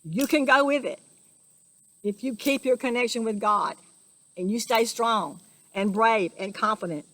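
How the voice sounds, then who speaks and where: A woman's voice: mid-range voice, normal speed, fairly bright tone, dry recording. Woman, spiritual vlog monologue, preachy, repetitive, emotional, dry close sound. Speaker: spiritual vlogger.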